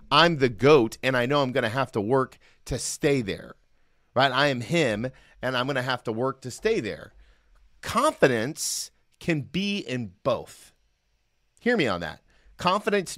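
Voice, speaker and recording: With a medium, slightly bright voice, a middle-aged man does solo devotional podcast talk in a dry, studio-quality recording. He's earnest and chatty, pausing often to check in with listeners.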